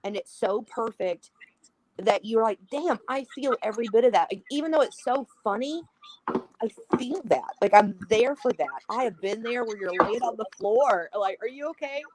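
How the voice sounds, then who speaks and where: A woman with a fairly high voice talks at normal speed as a podcast guest, casually discussing a film and animatedly acting out quoted lines while recounting scenes. There's noise in the background.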